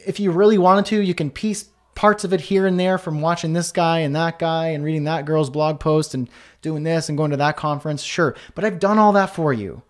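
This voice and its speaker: A man's voice: a little high, a little fast. A man hosting a live online Q&A, reading out viewers' comments and answering in a casual, chatty way with many fillers and restarts. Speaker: host.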